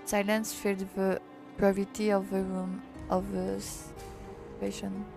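A streamer from France with a French accent reading a visual novel aloud, halting and correcting herself as she goes. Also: mid-range voice, monotone, creaky, music in the background.

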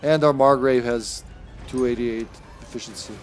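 A man commenting on his own online game as he plays, swearing often and sometimes shouting at the screen. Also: mid-range voice, steady tone, moderate pace, faint music behind. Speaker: streamer. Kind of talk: live gameplay commentary.

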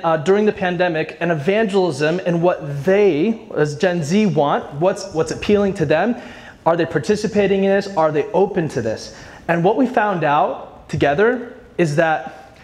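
A man giving a casual conference workshop talk as a youth ministry leader, chatting and storytelling with self-deprecating humor and acted-out quotes. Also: fairly high pitch. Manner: chatty storyteller, acts out quoted voices, frequent "like".

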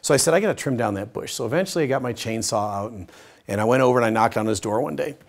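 A middle-aged man runs a Bible study at a very fast clip, his mid-range voice carrying vocal fry. He tells stories with animated energy, swinging from loud emphasis to soft, hushed lines.

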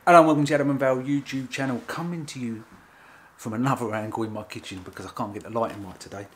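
A man's voice: medium pitch, fast. A man hosting a casual food review from his home kitchen, talking in a chatty, rambling, playful way. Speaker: food reviewer, channel host. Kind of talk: casual vlog chat.

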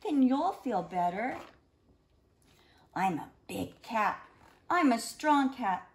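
A woman reading a rhyming children's picture book aloud in a gentle, expressive storytelling manner. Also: on the high side, takes it slowly.

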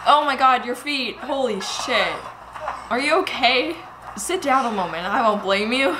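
A woman giving casual movie reaction commentary, excitable and swearing as she talks back to the screen. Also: a little high, a little slow, heavy background noise.

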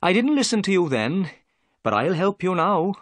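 A man doing a humbled, high-voiced police inspector. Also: sing-song, normal speed, dry recording. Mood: apologetic.

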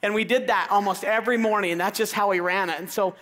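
Enthusiastic male keynote speaker in his 40s, bright high voice, echoing in a large hall. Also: steady tone, quick pace. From Idaho. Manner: enthusiastic, crowd-engaging, calls out questions to the audience. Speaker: motivational speaker. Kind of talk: energetic keynote talk. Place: large auditorium. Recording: long hall reverb.

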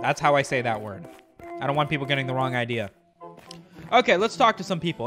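A man's voice: mid-range voice, animated, brisk, pauses often, a bit bright, faint music behind. A man streaming a game, joking and bragging to his chat as he plays. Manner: jokey boastful banter with chat. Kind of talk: let's play commentary.

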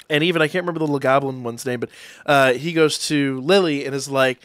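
A man casually recapping an anime episode, rambling excitedly and acting out the characters' lines as he goes. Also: mid-range voice, fast, no echo. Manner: excited, rambling retelling with acted-out quotes. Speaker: anime reviewer.

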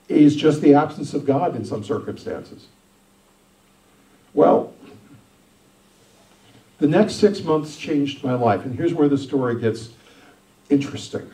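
Pastor, male, mellow voice, roomy sound from a distance, emphatic testimony. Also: fairly high pitch. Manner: emphatic storytelling, swings loud and soft. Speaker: senior pastor. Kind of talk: sermon testimony.

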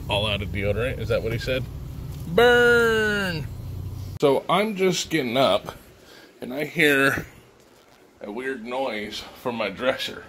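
A man's voice: medium pitch, lively intonation, measured pace, fairly bright tone, a little hiss or hum. A man talking casually in a home vlog, rambling and jokey with a self-mocking streak, filmed indoors on a handheld camera. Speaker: vlogger.

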